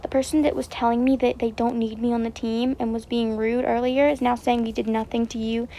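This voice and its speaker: Woman streamer, upset commentary, rambling and repetitive, higher pitch, mellow tone. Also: flat delivery, fairly quick, slight background noise, low-quality recording. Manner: rambling, repetitive, with many fillers and restarts. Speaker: game streamer.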